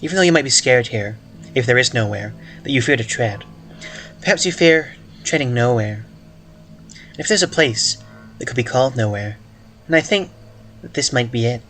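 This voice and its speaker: A man voicing a calm, eerie child figure in a slow, pointed delivery. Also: mid-range voice, faint music behind, close to an everyday voice.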